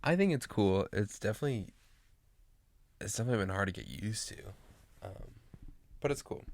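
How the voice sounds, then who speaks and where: A man's voice: on the low side, animated, a little fast, a little mellow, slight background noise. A man in his late teens chatting casually to camera, rambling with lots of fillers and restarts. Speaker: vlogger.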